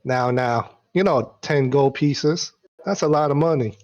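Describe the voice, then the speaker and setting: A man's voice: medium pitch, measured pace, a little mellow, lo-fi sound, lightly acted. A man voicing a condescending adventurer who lectures a young bandit. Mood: patronizing.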